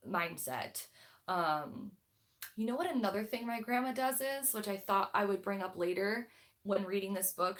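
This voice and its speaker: A woman's voice: medium pitch, fairly bright tone. A young woman hosting a book club livestream, talking casually and bluntly with lots of fillers and restarts.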